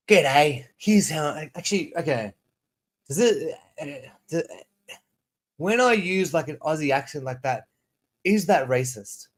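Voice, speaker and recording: A man's voice: a little high, lively intonation, unhurried, pauses often. Male teacher, 30s, raised voice, loose rambling livestream chat. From South Africa. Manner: rambling, restarts sentences, reads prompts aloud. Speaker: ESL teacher and streamer.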